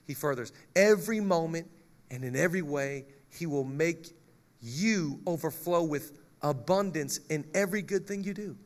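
A male pastor preaching a lively sermon, joking with the congregation and reading scripture aloud. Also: a little high, moderate pace.

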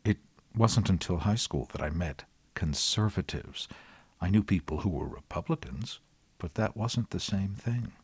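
A man in his sixties, from the United States, hosting his podcast with dry, wry, measured commentary. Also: low voice, animated, a little mellow, husky, no echo. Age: 60s. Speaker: podcast host. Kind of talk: scripted commentary.

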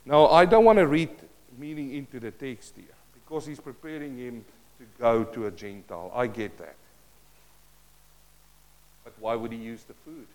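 A man preaching a sermon, reading scripture aloud with loud emphatic bursts and dropping to quiet asides, often thinking aloud and restarting. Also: mid-range voice, moderate pace. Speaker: pastor.

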